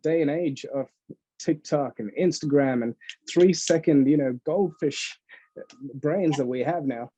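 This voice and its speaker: A man who is a guest on a business interview podcast, telling stories in a lively, chatty way, laughing often and acting out dialogue. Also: fairly high pitch, a little slow, husky, rough recording. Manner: animated storyteller who laughs often and acts out quotes. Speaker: entrepreneur guest. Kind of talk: casual podcast interview storytelling.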